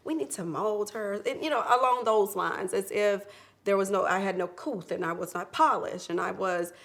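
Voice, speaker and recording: Female guest, reflective storyteller, middle pitch. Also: normal speed, gravelly, fairly bright tone. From Memphis, Tennessee. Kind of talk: interview.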